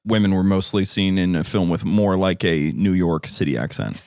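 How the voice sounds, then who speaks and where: A man's voice: low voice, moderate pace, a little mellow, no echo, studio quality. A man co-hosting a podcast, talking animatedly about film and laughing often. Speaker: podcast co-host. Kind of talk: casual film discussion.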